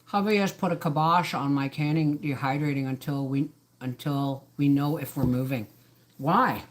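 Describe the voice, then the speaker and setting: A middle-aged woman with a deep voice and fairly even intonation speaks at a moderate pace. As a homesteader hosting a casual livestream from her home kitchen, she rambles and jumps between topics.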